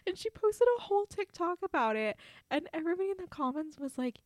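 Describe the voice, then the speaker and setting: Giggly woman, lively chat. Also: very high voice, fast talker, dry recording. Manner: giggly, rambling, self-mocking. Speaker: podcast co-host. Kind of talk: casual chat.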